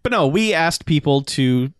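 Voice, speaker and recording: A man co-hosting a podcast, giggly and quick to laugh hysterically in casual chat. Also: fairly high pitch, lively intonation, clean tone, dry recording, studio quality. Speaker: podcast co-host.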